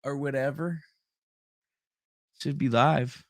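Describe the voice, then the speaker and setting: Speaking slowly and steadily at medium pitch, this male livestream host rambles, curses and calls out viewers' names from the chat. The recording is dry and studio-clean.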